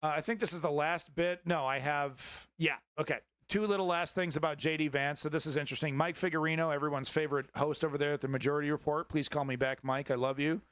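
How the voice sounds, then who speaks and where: A man's voice: fairly high pitch, fairly even intonation, fast, hardly any pauses, fairly bright tone, clear, resonant tone, no room sound, clean studio sound. A man hosting a live-stream news commentary, sarcastic and indignant, swearing freely.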